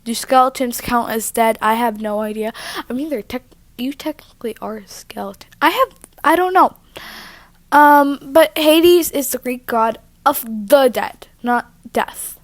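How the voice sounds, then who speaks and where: A woman's voice: a little high, a little slow, no echo. Chatty rambling woman vlogger. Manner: rambling, chatty, self-interrupting. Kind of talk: casual storytelling vlog. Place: living room at home. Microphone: own microphone.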